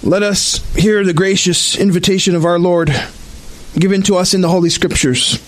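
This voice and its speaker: A male pastor leading an outdoor worship service, reading scripture in a slow, measured, solemn way. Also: high voice, fairly even intonation, poor audio.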